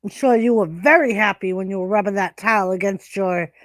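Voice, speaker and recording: A woman's voice: mid-range voice, brisk, no echo, studio quality. A woman hosting a casual livestream chat, crude and teasing, laughing often. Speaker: livestream host.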